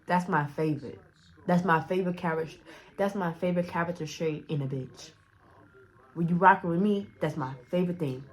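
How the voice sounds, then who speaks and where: A woman's voice: lowish voice, brisk. A young woman telling a casual storytime, rambling in slang with many restarts and acted-out quotes. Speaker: storyteller vlogger.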